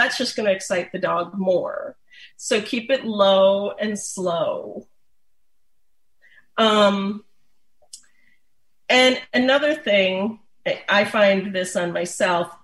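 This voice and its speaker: A woman explaining dog massage in a relaxed, chatty way, with many fillers and restarts. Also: mid-range voice, drawn-out words, pauses often. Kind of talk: casual instructional talk. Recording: roomy echo.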